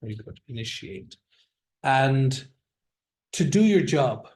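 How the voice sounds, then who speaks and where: Slow-paced male English teacher. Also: mid-range voice, sing-song, darkish tone. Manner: encouraging, drills words aloud with students. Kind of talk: classroom vocabulary lesson.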